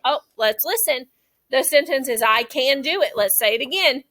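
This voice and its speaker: A young woman teaching a classroom phonics lesson, slowly modeling sentences and praising the children. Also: high voice, expressive, heavy background noise. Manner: slow, drawn-out modeling of sentences, encouraging.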